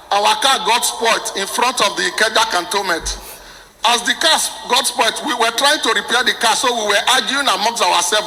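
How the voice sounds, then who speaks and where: A man's voice: high-pitched, long reverb tail, low-quality recording. A Nigerian man performing stand-up comedy for a live audience, acting out the people in his stories as he tells them. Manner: animated storytelling that acts out the people in his stories. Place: live event before an audience.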